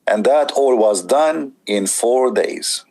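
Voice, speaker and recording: A man's voice: mid-range voice, lively intonation, slow, darkish tone, poor audio. A man hosting a debate show, giving mocking, emphatic commentary on a played clip.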